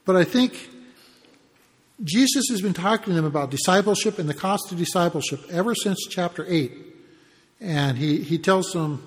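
A man preaching a sermon, explaining the passage in a conversational way with pauses and restarts. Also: high-pitched, big-room sound. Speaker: pastor.

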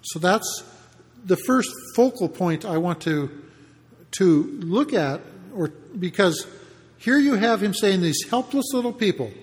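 A man's voice: sits high, expressive. Guy preaching in a church, chatty explaining sermon, lots of hall reverb. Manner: conversational, explanatory, with pauses and restarts. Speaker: pastor.

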